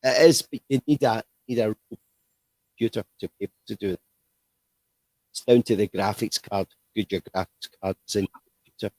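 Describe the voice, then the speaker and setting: A man's voice: fairly low pitch, a little fast, pauses often, darkish tone, no room sound. A man hosting a livestream interview, chatty and rambling, with frequent restarts. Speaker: host.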